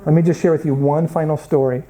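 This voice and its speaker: A man's voice: a little high, fairly even intonation, fast talker, mellow, low-quality recording. An American man teaching a Bible college class, lecturing through stories and acting out the people in them. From United States. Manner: storytelling, acts out quoted people.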